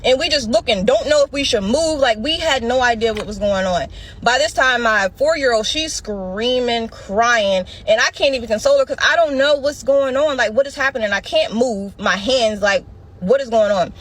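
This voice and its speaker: A woman's voice: a little high, moderate pace, a bit bright. Woman telling a dramatic storytime. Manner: breathless, dramatic retelling with slang and direct address. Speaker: storyteller in a clip being reacted to. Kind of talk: animated personal storytime.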